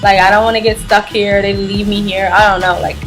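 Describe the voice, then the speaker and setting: A woman's voice: medium pitch, level tone, brisk, a bit bright, soft background music, poor audio. A woman vlogger telling a travel story in a chatty, rambling way, with lots of "like". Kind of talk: storytime vlog.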